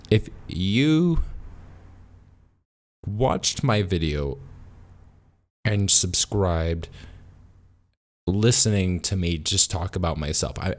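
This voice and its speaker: A man vlogging alone in an unscripted monologue, rambling and self-deprecating with pauses and restarts, a little tipsy from a beer. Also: sits low.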